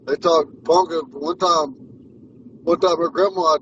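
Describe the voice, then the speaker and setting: In a casual lesson, a male language teacher in his 40s rambles through stories, restarting and saying things twice. His fairly high, slightly bright voice is unhurried and fairly even in intonation. Distance from the mic leaves it muffled, plus a little hiss or hum.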